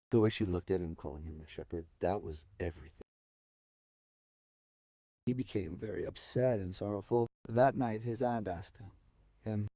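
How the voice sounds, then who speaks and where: A man telling a folk tale aloud, moving expressively between soft and emphatic delivery. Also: on the low side, moderate pace, pauses often, no room sound. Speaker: storyteller. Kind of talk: dramatic oral storytelling.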